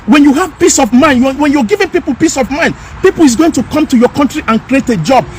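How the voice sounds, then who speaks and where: A man's voice: very high-pitched, animated, fast, slight background noise. A man delivering an emphatic, repetitive, scolding rant as a commentator. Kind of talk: impassioned rant.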